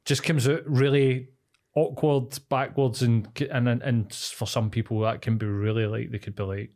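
A man's voice: mid-range voice, flat delivery, moderate pace, a little mellow. A man in a casual podcast chat, talking reflectively in long rambling runs full of fillers.

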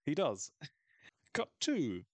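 Animated, sweary man recapping a show. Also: a little high, takes it slowly, no echo. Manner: animated, sweary, laughs often. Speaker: podcast host. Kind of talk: casual episode recap.

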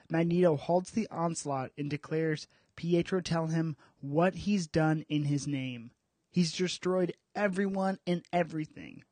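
A male podcast host with a slightly higher voice walks listeners through a comic book story, then slips into playful, self-mocking banter. The recording is close and dry, with no room sound around him. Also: darkish tone, dry recording.

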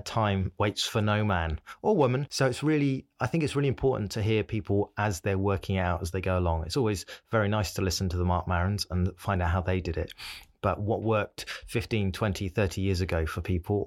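A middle-aged British man hosting a comedy podcast, rambling casually with many fillers and restarts. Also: low voice. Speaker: podcast host. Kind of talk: casual podcast intro and chat.

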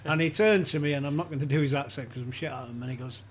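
A man's voice: a little high, racing, a little hiss or hum. A man as a podcast guest, telling anecdotes in casual chat and chuckling often as he talks.

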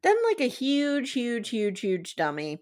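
A woman's voice: fairly high pitch, sing-song, a little mellow. Sarcastic woman recapping TV. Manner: brisk, sarcastic storytelling that acts out quotes. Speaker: podcast host recapping a reality show. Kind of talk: casual chat.

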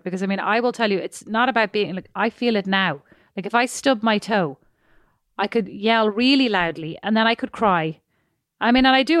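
A woman's voice: medium pitch, dry recording, studio quality. A woman co-hosting a podcast, chatting in a rambling, emphatic way. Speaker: podcast co-host. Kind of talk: casual chat.

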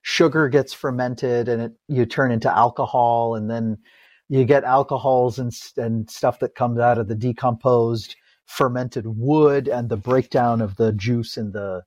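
A podcast co-host chatting casually, animated and quick to laugh. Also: male voice, mid-range voice, no room sound. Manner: animated, laughs often, excitable. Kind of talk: casual chat.

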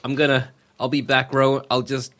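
A man's voice: medium pitch, monotone, normal speed, a bit bright. A man playing a tabletop game, talking in a hesitant, exasperated way. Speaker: player. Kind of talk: in-character tabletop play.

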